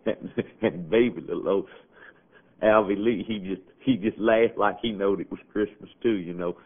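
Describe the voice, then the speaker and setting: Deep-voiced Southern male storyteller, rambling folksy drawl, tinny vintage radio sound. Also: moderate pace, breathy edge. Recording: tinny, band-limited old radio archive.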